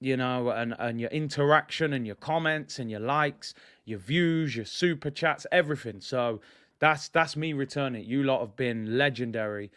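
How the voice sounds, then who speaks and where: A man's voice: mid-range voice, normal speed, a bit bright, clean tone. A man hosting a football fan channel, ranting bluntly to his viewers and repeating points for emphasis. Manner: addresses viewers directly as "people". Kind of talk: ranting fan reaction vlog.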